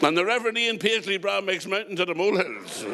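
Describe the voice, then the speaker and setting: A man's voice: sits high, animated. A middle-aged man with a Northern Irish accent doing stand-up comedy, firing off jokes with chatty asides to the crowd. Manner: joke-telling, quick punchlines, chatty asides to the crowd. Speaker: comedian and compere.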